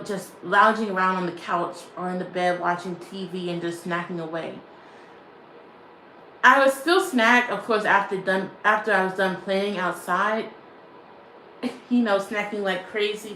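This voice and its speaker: A woman's voice: mid-range voice, a bit bright, echoey room, a little hiss or hum, rough recording. A woman vlogger chatting casually to her stream, rambling and repeating herself, laughing often. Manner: rambling and repetitive, often restating phrases; laughs often while talking. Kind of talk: casual livestream chat.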